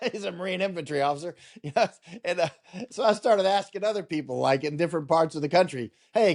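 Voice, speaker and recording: A male war correspondent talking casually as an interview guest over a video call, rambling with restarts, quoting himself and laughing often. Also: fairly high pitch. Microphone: remote video call.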